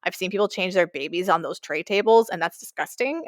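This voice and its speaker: Woman, casual podcast chat, animated storytelling, mid pitch, dry. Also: fast talker, hardly any pauses, dry recording. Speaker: podcast co-host.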